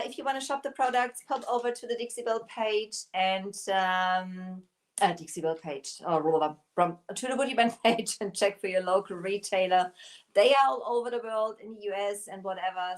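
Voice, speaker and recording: Giggly German woman hosting a live stream. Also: mid-range voice. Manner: giggly, laughs often while talking; chatty, reads out viewer comments. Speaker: craft shop owner hosting a live stream. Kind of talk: casual live-stream chat.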